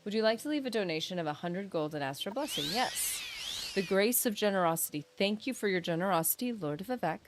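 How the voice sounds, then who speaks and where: A woman with an expressive, medium-pitched voice talks a little fast while streaming a role-playing game, reading quest text aloud and chatting with viewers. She is playful, with joking asides and mock-grandeur. Background noise and faint game music can be heard.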